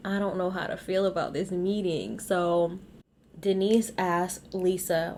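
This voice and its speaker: A woman hosting a casual reality TV recap, blunt and animated, talking straight to her viewers. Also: lowish voice, slow, slight background noise.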